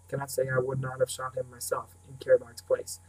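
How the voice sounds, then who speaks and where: A man voicing a grown farmer who speaks gently and steadily, heard from a distant mic. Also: medium pitch, monotone, fast talker, slightly rough, natural voice. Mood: gentle.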